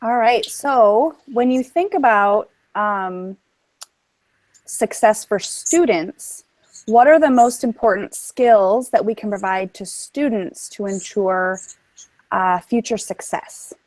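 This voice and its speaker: A woman host asking an interview question in a slow, measured way with short fillers. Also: mid-range voice, a little mellow, no room sound.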